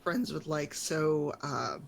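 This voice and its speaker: A woman voicing a soft-hearted male traveler in a tabletop game, speaking politely and haltingly. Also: low-pitched, vocal fry, a loud crowd, voice pushed down, full character voice, rough recording.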